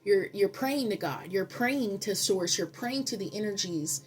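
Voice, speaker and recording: A woman giving a spiritual tarot reading, earnest and preachy, telling stories with dramatic pauses and repeating affirmations. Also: medium pitch, lively intonation, soft background music. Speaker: tarot reader.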